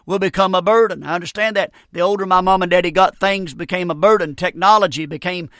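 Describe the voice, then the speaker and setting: A middle-aged man delivers a radio sermon in a high, sharp-edged voice. He speaks in a folksy, emphatic way and repeats his key lines. The sound is close and dry. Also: steady tone, fast talker, no room sound. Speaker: radio preacher.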